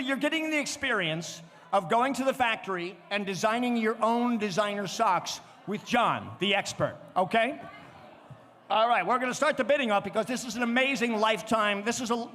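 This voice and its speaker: A man running a charity auction at a gala, calling bids rapidly and cracking jokes at the crowd. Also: sits high. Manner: rapid, joking, calls bids out loud. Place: gala event venue, indoors. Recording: reverberant event space, faint background noise.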